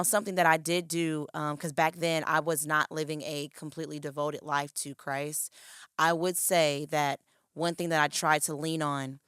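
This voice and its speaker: A woman's voice: low-pitched, a bit bright, clear, resonant tone, dry recording, clean studio sound. A woman co-hosting a faith talk show, speaking in an earnest, emotional, confiding way. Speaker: co-host.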